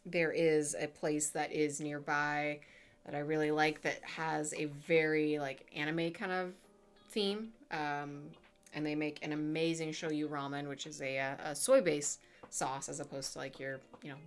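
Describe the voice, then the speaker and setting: A woman's voice: sits low, unhurried. A woman in her twenties chatting casually with her live chat as a streamer, full of fillers and playful asides.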